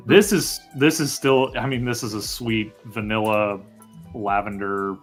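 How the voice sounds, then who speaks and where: Low-voiced man, rambling enthusiastically. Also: fairly even intonation, measured pace, faint music behind. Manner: enthusiastic, rambling, frequent fillers. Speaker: co-host of a fragrance live stream. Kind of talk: casual chat.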